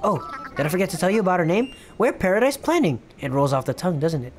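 A man's voice: sing-song, fast, over music. A man voicing a cheerful young female otter office manager while reading game dialogue aloud. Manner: bubbly, businesslike sales pitch.

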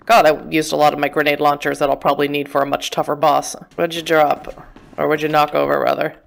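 A woman's voice: deep voice, level tone, fast talker, creaky. A woman giving casual gameplay commentary, chatty and self-mocking, talking back to the game character. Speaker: let's play gamer.

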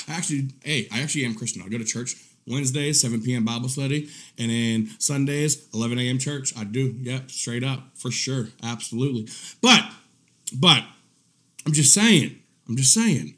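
A man's voice: medium pitch, moderate pace, a bit bright. A man hosting a live stream, talking in a casual, rambling way, swearing and repeating himself, often breaking into laughter. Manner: profane, repetitive, laughs often. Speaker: live-stream commentary host.

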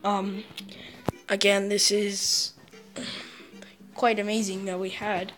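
A woman's voice: mid-range voice, level tone, slow, a bit bright, roomy sound, far from the mic, slight background noise. A woman hosting a casual gameplay video, chatty and giggly, rambling with fillers. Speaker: gaming channel host.

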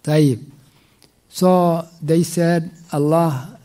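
Male teacher at a mosque, mellow tone, halting and repetitive delivery, quick recitation. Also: medium pitch, steady tone. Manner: halting, repeats words while searching for them; recites verses in quick Arabic, then translates slowly. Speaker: teacher explaining Quran commentary. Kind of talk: mosque tafsir class.

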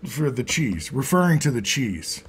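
A man co-hosting a casual sports talk show, animated and quick to laugh, swearing freely in loose banter. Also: mid-range voice. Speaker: co-host.

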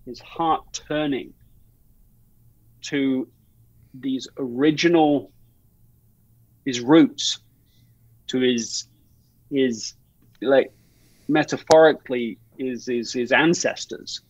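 A man's voice: medium pitch, slow pace, pauses often, no room sound, muffled recording. Man telling stories in a podcast interview. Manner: rambling, many restarts and fillers, animated storytelling. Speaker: podcast guest, author. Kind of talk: conversational interview.

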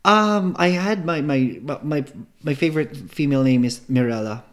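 A man with a Filipino accent, a podcast guest answering quick questions casually, hesitant with many restarts. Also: fairly high pitch. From Philippines. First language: Tagalog.

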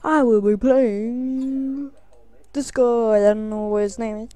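Woman, let's play commentary, high voice, unhurried, goofy and crude, yelps at mishaps, dry close sound. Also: steady tone, warm tone, dry recording. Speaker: gameplay commentator.

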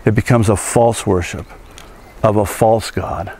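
A man, preaching as a pastor, animated, acting out biblical voices and laughing at his own jokes. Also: on the low side, a little slow, husky. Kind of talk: outdoor teaching sermon. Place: outdoors at an archaeological site.

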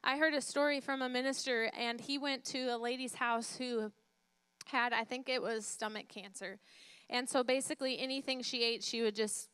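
A woman pastor preaching a sermon, emphatic, repeating phrases and asking the congregation questions, dropping to a soft hush when she retells a story. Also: on the high side, fairly even intonation, moderate pace, clear, resonant tone, no echo.

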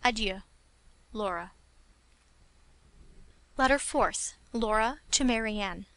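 A woman narrating a classic story as an audiobook, in a measured, clear reading. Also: on the high side, a bit bright, no echo.

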